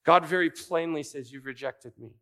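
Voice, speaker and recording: A man's voice: a little high, normal speed, a bit bright. A man preaching a sermon, asking rhetorical questions and repeating key phrases for emphasis. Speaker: pastor.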